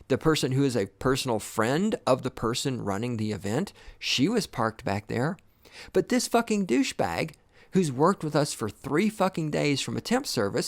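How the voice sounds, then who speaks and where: Man, podcast host, furious profane rant, scornful, very lively pitch. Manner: angry, swearing, scornful. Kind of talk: profane ranting monologue.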